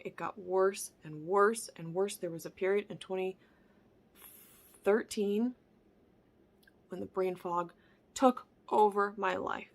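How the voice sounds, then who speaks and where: Earnest woman with a gravelly edge. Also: medium pitch. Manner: earnest, often dropping to a soft whisper; repeats and restarts phrases. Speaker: wellness vlogger. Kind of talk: reflective personal monologue.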